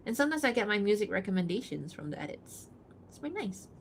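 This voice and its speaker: A woman livestreaming while she draws, casually reading out and answering chat, chatty and quick to giggle, thinking aloud with fillers. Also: medium pitch, very animated, a little hiss or hum. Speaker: livestreaming artist.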